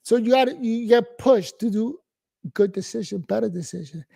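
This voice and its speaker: Man in his forties, gravelly, dark tone, blunt, swears a lot, rambling casual monologue. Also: high voice, moderate pace. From New York, US. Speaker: host.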